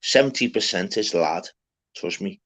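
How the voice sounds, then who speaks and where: A man's voice: deep voice, animated, moderate pace, a bit bright. A man with a Scouse accent, chatting casually and swearing freely on a live stream. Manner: swearing, banter-heavy. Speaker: stream host. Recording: slightly dull lo-fi audio.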